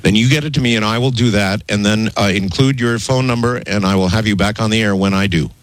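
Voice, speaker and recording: A man with a fairly low voice hosts a late-night call-in radio show. He cuts in often and insistently, steering the caller where he wants. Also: fast, no room sound, poor audio. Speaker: radio talk show host.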